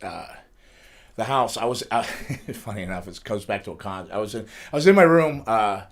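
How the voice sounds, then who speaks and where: A man's voice: fairly low pitch, expressive, normal speed. A middle-aged man, a wrestler, telling rambling life stories in a studio interview and laughing through them. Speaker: wrestler guest. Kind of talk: casual storytelling interview.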